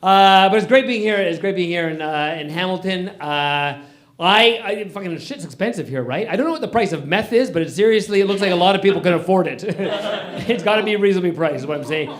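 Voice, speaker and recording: A man's voice: high voice, lively intonation, fairly quick. A man doing a crude stand-up set at an open mic, stumbling and rambling between jokes. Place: small comedy venue.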